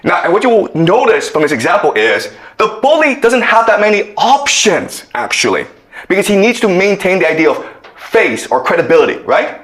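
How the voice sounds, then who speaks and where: A man's voice: high voice, sing-song, moderate pace, fairly bright tone. A man giving a lecture, telling a story and often checking in with okay. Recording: echoey room.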